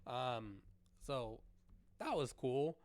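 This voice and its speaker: A man hosting a podcast, telling an animated story with heavy cursing and frequent restarts. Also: medium pitch, drawn-out words. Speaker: podcast host. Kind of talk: casual solo storytelling.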